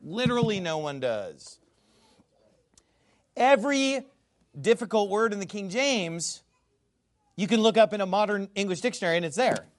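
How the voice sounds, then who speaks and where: A man with a high voice that swoops all over as he talks. He gives an emphatic, scornful monologue, repeating words as he pushes ahead, and breaks into loud shouts. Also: expressive, normal speed, pauses often. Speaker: Bible commentator. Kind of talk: animated video monologue.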